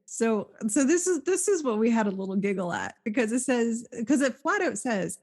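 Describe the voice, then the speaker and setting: A woman's voice: on the high side, very animated, normal speed, hardly any pauses, a little mellow. Candid woman podcast co-host. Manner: candid, swears casually, laughs often. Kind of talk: casual podcast chat.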